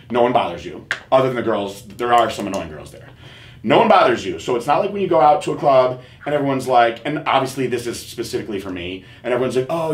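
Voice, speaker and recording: A man hosting a podcast in casual chat, telling candid stories with profanity and animated quoting. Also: mid-range voice. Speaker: podcast host. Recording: echoey room with faint noise.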